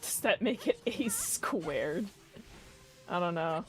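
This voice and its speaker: A woman's voice: lowish voice, very animated, slow, soft background music. A young woman giving casual, rambling commentary while streaming a game, swearing and laughing often.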